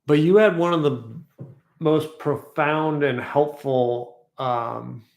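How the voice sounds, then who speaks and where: A man telling a personal story in a casual vlog, reflective and rambling, slowly repeating affirmations. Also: fairly high pitch, fairly even intonation, vocal fry, echoey room. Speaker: vlogger.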